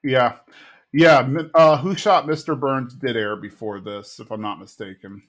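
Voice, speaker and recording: Young male podcast co-host, animated recap voice, mid pitch, casual and chatty. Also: a little slow. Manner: animated retelling, acting out characters' lines in raised voices. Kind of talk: casual chat.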